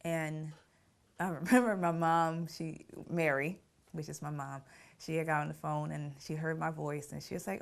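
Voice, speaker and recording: A woman's voice: low voice, steady tone, moderate pace, vocal fry. A middle-aged woman telling her family story in an interview, reflective and often laughing through painful memories. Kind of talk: personal storytelling.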